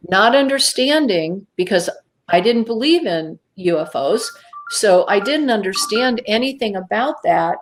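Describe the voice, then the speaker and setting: A middle-aged woman telling a personal encounter story as a guest, animated and acting out her own past thoughts. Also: mid-range voice, a little slow.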